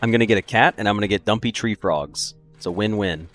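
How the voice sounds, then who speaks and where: A man's voice: fairly low pitch, fast talker, a bit bright, soft background music. A man streaming a puzzle game, chatting casually and joking with his viewers. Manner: joking, chatty, laughs often. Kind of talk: casual gaming commentary.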